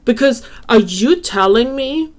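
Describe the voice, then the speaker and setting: A woman's voice: a little high, lively intonation, measured pace. A woman giving skeptical, sarcastic reaction commentary on a video she is watching.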